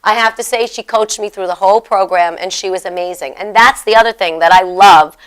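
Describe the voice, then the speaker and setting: Middle-aged woman host, animated and chatty, smooth clear tone. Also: mid-range voice, fairly quick. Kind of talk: casual chat.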